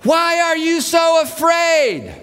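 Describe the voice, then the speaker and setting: A man acting out a calm teacher who calls out slowly and loudly over a storm, amused. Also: extremely high pitch, big-room sound, pitched above the performer's own voice, full character voice. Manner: loud, slow, amused.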